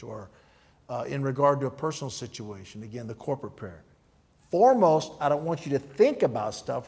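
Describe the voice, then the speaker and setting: A man's voice: medium pitch, breathy edge. A male pastor preaching at an evening church meeting, telling stories with acted-out dialogue and teaching through numbered points. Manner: animated storyteller who acts out dialogue. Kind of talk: sermon.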